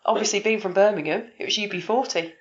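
A woman's voice: medium pitch, quick pace, highs cut off. A woman guest on a casual podcast, telling rambling family stories with many ums. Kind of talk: casual interview chat.

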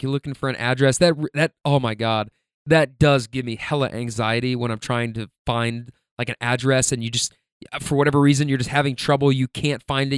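A man's voice: mid-range voice, smooth, dry recording, clean studio sound. A man hosting a podcast, telling stories in a loose, profane, rambling way full of fillers. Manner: laid-back, profane, filler-heavy rambling. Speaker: podcast host. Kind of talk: casual storytelling monologue.

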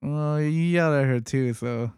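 A man's voice: on the high side, moderate pace, darkish tone, clean tone, no echo, clean studio sound. A man co-hosting a podcast in casual chat, laid-back and teasing, with short reactions. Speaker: podcast co-host.

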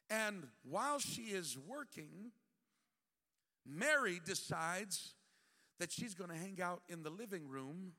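A man's voice: high voice, vocal fry, sharp tone. A male bishop preaching a sermon, telling the story with humor and acting out the scenes. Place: church sanctuary. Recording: long church hall reverb.

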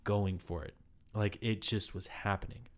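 Male actor, lowish voice, candid, rambling, lots of "like", interview storytelling. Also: steady tone, moderate pace. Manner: candid, rambling with many "like" fillers.

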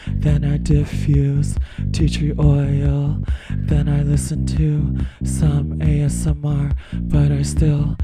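A man playing a breathy, anxious, sleepless pop singer in a comic song, delivered as whispered role-play, with murmured, repetitive sing-song lines. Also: a little high, completely flat delivery, slow, hardly any pauses. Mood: deadpan whispery. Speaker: comic musician. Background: loud guitar.

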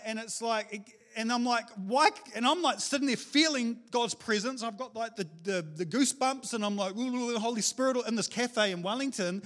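A middle-aged man, preaching a sermon in a casual, animated storytelling way with slang. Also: high-pitched. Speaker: pastor.

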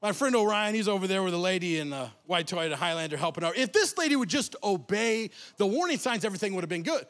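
Lively, high-pitched male storyteller. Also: fast talker, few pauses. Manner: animated storytelling, casual slang. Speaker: motivational speaker. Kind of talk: comic motivational talk. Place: festival stage.

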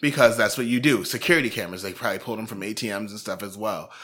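A young man co-hosting a casual true-crime podcast, telling the story playfully with sudden high squeaks, his throat a little sore. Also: very fast, fairly bright tone. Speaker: podcast co-host.

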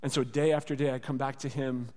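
A man's voice: mid-range voice, fairly even intonation, fast talker, warm tone. A man preaching a sermon as pastor, earnest and conversational, with lots of rhetorical repetition. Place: church sanctuary. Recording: long hall reverb.

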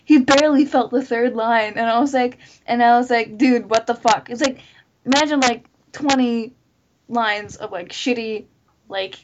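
A woman's voice: fairly high pitch, moderate pace, background noise. A woman telling stories in a casual group chat, swearing freely and filling her talk with "like". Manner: profane, animated storytelling with lots of "like". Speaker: podcast host. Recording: lo-fi muffled recording.

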